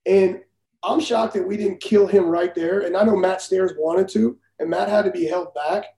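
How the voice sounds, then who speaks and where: Brief: ex-pitcher guest, man, higher voice but mellow tone, blunt and laughing, roomy sound. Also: fairly even intonation, normal speed, vocal fry. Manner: blunt, profane, laughs while telling stories. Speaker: former major league pitcher, guest. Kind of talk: casual storytelling.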